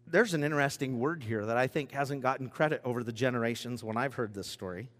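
A man's voice: mid-range voice, quick pace, hardly any pauses. A man preaching a casual, conversational sermon as pastor, with chatty asides and light jokes. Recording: long reverb of a large hall.

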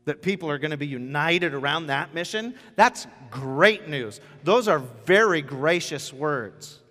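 A man preaching a sermon as a pastor, telling stories with animated acted quotes. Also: on the high side, unhurried, in a large hall.

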